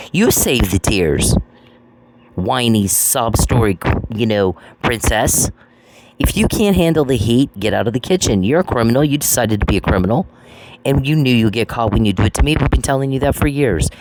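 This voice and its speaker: A man in an angry monologue aimed at one person, swearing and repeating his accusations. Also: medium pitch. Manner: profane, accusatory and repetitive. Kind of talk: angry monologue addressed to someone. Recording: noisy recording with clicks.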